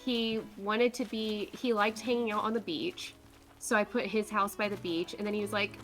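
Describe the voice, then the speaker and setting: A woman's voice: medium pitch, little pitch movement, a little fast, a bit bright. A woman guest chatting casually and playfully, with lots of fillers as she explains things. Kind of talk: casual chat.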